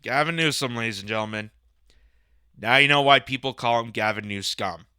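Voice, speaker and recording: Man, sarcastic ranting commentary host, very bright and clear voice, dry close recording. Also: medium pitch, brisk, no echo. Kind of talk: political reaction commentary.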